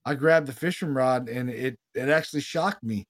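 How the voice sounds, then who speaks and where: A man with a medium-pitched voice hosts a paranormal podcast in loose, casual chat. He tells stories with rising excitement, swears freely and keeps saying "dude" and "you know what I mean.". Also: moderate pace. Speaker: podcast host, paranormal investigator.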